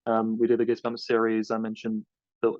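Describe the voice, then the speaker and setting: A man's voice: fairly low pitch, monotone, brisk, a little mellow, no room sound. A man, co-host of a podcast, answering interview questions in a rambling, hesitant way. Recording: dull lo-fi dry recording.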